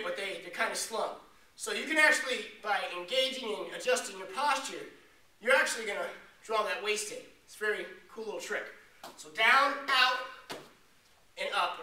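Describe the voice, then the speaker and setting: A man working as a fitness trainer, demonstrating a workout in an energetic coaching way with jokes. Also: sits high. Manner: energetic, joking coach talk while exercising. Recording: echoey room, distant mic, faint noise.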